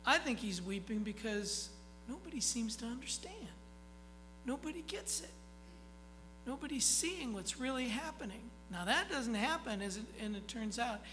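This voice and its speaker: A pastor preaching a sermon in a conversational way, often checking in with the listeners and reading scripture aloud slowly with emphasis. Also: medium pitch, sharp tone, slight background noise, poor audio. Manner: conversational, keeps checking in with "okay?".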